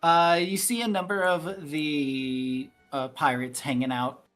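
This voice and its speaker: A woman game master narrating a tabletop role-play game, slow and easygoing with lots of fillers. Her voice sits very low. Soft music plays behind her. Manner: relaxed, laughs often, many fillers.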